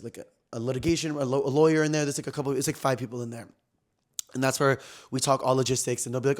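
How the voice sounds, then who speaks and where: A young man talks fast and loosely on his own podcast, mid-pitched and full of slang. He tells a story like gossip to friends, getting loud and then dropping low in quick swings. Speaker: podcast host. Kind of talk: casual storytelling chat.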